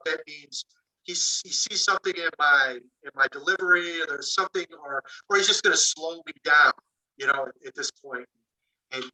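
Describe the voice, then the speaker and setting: A man speaks well away from the microphone, his voice high-ish and very bright. He tells his story loosely, with plenty of "you know" and "like," slipping into quoted dialogue as he goes. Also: distant mic, poor audio. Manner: animated anecdote-telling, acting out dialogue, many fillers. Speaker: author. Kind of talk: casual storytelling.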